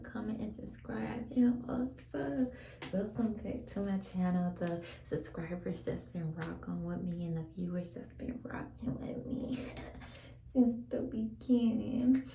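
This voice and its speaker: A woman's voice: mid-range voice, a little slow, gravelly, dark tone, reverberant, a little hiss or hum, rough recording. A young woman, whispering a laid-back, chatty vlog at home while she brushes her teeth and washes her face. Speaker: vlogger. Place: home bathroom.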